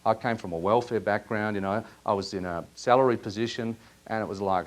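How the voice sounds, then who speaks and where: A man leading a live workshop in a seminar room, asking audience members lively questions. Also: fairly low pitch, brisk, hardly any pauses. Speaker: workshop presenter.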